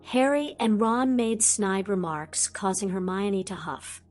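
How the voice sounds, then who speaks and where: Woman narrator, slow, even pitch, faint music bed. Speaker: audiobook narrator. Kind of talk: fan fiction audiobook narration.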